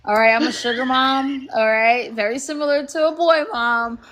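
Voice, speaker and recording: A woman's voice: sits high, fairly even intonation, moderate pace, fairly bright tone. A woman on a podcast panel, emphatic and repeating herself for effect. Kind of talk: casual group chat.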